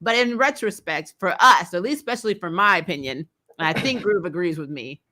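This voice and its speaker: A woman hosting a casual live-streamed chat, chatty and expressive. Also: on the low side, brisk, a little hiss or hum. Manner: chatty, expressive, laughs often. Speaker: podcast host.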